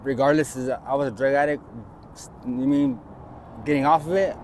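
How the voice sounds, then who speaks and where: A man's voice: medium pitch, steady tone, moderate pace. A man being interviewed on the street, telling a rambling personal story and acting out what others said. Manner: rambling, acts out quoted voices. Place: outdoors by a street with traffic. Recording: outdoor street noise and traffic.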